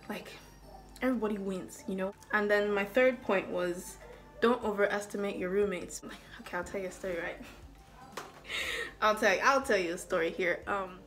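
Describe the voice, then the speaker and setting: A woman's voice: mid-range voice, a bit bright. A young woman from Ireland with an American-sounding accent, chatting casually in a Q&A vlog and rambling with lots of asides to her viewers. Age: young adult. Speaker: student vlogger.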